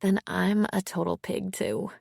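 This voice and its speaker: A woman voicing a seventeen-year-old girl, speaking softly and lightly. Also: mid-range voice, little pitch movement, a little slow, vocal fry, dry recording, studio quality. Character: teenage girl with a headache.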